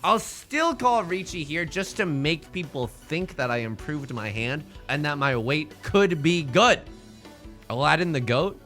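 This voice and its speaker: A man's voice: fairly high pitch, expressive, unhurried, bright, forceful tone, soft background music. A young man chatting casually on a livestream while he plays, joking and rambling through playful asides. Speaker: streamer.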